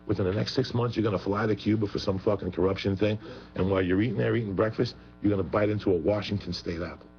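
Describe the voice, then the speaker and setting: Fast, gravelly, foul-mouthed man. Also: fairly low pitch, fairly even intonation. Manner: rambling, profane, emphatic. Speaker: guest. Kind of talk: heated profane talk radio chat. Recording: muffled radio broadcast with faint hum.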